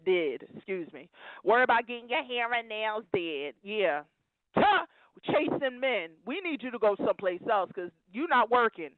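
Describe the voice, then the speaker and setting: Calling in to a talk show over a tinny, dry phone connection, a woman preaches with fierce emotion in an impassioned rant, repeating phrases to drive them home. She speaks at normal speed with a fairly high pitch, lively intonation, and no room sound.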